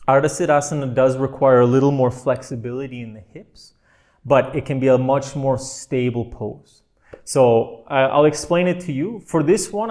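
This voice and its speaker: A man teaching a meditation class in a gentle, playful way, often laughing softly as he explains. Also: mid-range voice.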